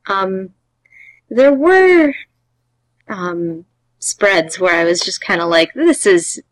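A woman's voice: medium pitch, very animated, takes it slowly, no room sound, poor audio. A young woman talking comics on a casual podcast, hesitant and searching for words.

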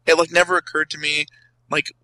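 A young man co-hosting a casual comics podcast, rambling with restarts and quick laughs. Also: a little high, flat delivery, pushed and bright, no echo, rough recording. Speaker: podcast co-host.

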